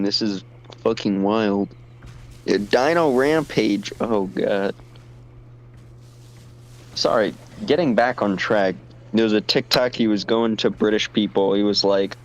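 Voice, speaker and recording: A man's voice: lowish voice, rough recording. A man co-hosting a stream, chatting casually over gameplay, easily distracted and swearing freely. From United States. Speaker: stream co-host.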